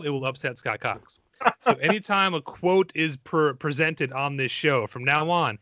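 Bright-voiced, rambling male podcast host. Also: a little high, no echo. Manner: enthusiastic, rambling, self-deprecating. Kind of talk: casual podcast chat.

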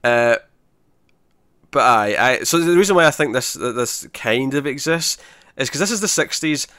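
A man, co-hosting a podcast in casual chat, retelling scenes in an animated way with many restarts. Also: mid-range voice, normal speed, no room sound, studio quality. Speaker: podcast co-host.

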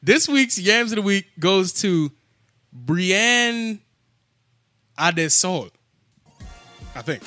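A man's voice: sits high, sing-song, drawn-out words, long pauses, bright, forceful tone, faint music behind. A man co-hosting a podcast in crude, casual banter, laughing and swearing and stumbling over names. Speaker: podcast co-host.

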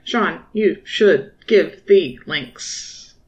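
A woman's voice: fairly low pitch, lively intonation, very slow, darkish tone, lo-fi sound, faint music behind. A woman co-hosting a podcast, tossing in wry, teasing quips. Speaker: podcast co-host. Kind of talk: casual chat.

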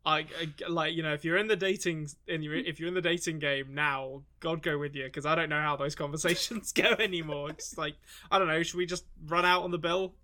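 A man's voice: fairly high pitch, steady tone, brisk, few pauses, bright, forceful tone. A man co-hosting a podcast, joking and laughing often in casual chat. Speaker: podcast co-host.

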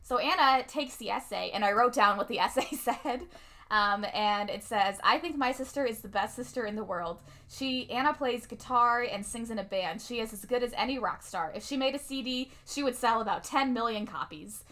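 A young woman casually recapping a movie with a friend, chatty and quick to laugh as she acts out lines. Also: fairly high pitch, bright, forceful tone. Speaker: podcast co-host.

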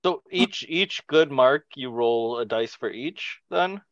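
A man playing a tabletop role-playing game, talking in a hesitant, halting way. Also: medium pitch, animated, no room sound, highs cut off. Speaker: player. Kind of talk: casual chat at a game table.

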